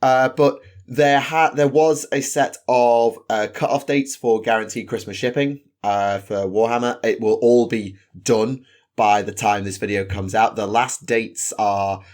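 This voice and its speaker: A man co-hosting a podcast, talking quickly in a chatty, self-deprecating way. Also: medium pitch, fairly even intonation. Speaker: podcast co-host. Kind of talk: casual chat.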